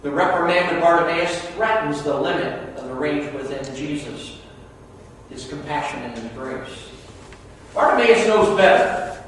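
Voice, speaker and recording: A male pastor delivering a sermon, his voice pitched high for a man. He drops to near hush and then builds to loud, emphatic appeals. The sound comes from a distance in a long, echoing church hall. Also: lively intonation, measured pace, a little hiss or hum. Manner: swings from hushed to loud and emphatic. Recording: echoey hall, mic far off.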